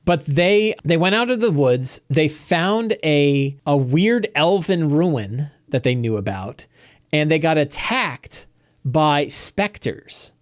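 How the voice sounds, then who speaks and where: A man, the game master, recapping a tabletop game session in a rambling, animated storytelling way. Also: a little high, takes it slowly, no echo, clean studio sound. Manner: rambling, animated storytelling with quoted character lines.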